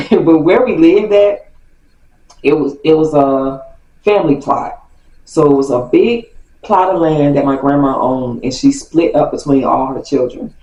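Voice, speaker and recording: A woman telling a story from her childhood to her viewers in a chatty, animated way. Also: low-pitched, unhurried. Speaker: vlogger. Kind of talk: casual storytime. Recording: roomy, distant from mic.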